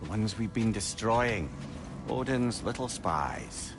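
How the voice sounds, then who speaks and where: An actor playing a chatty, wry male storyteller with animated delivery, in a video game cutscene. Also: fairly low pitch, slow, music in the background. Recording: game audio with clear ambient noise.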